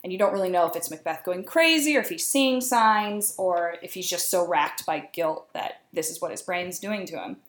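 A woman's voice: lowish voice, lively intonation. A woman podcast co-host giving a chatty, laughing plot summary in casual talk. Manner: chatty, laughing, quick asides. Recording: echoey room.

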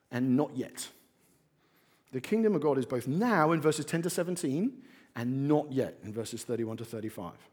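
A man preaching a sermon in a church, animated, swinging from hushed asides to emphatic points. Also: sits high. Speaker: pastor.

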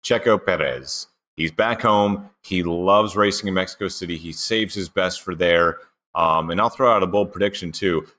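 A man's voice: sits low, normal speed, bright, forceful tone. A man co-hosting a sports podcast, chatting casually and throwing out bold predictions with enthusiasm. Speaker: podcast co-host.

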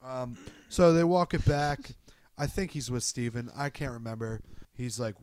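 A man's voice: medium pitch, expressive, normal speed, darkish tone, no echo. Rambling man in a dry room. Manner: rambling, filler-heavy, laughs, swears. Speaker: friend retelling a movie. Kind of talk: casual chat.

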